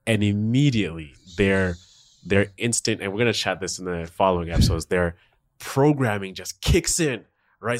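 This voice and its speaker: A man co-hosting a podcast, chatting casually and acting out what other people say in exaggerated voices. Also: moderate pace. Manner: animated, acts out quotes in high voices. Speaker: podcast co-host. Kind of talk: casual chat.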